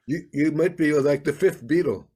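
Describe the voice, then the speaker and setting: A man's voice: fairly high pitch, normal speed, a little mellow, breathy edge. A retired older man on a comedy podcast with dry, grumpy humor.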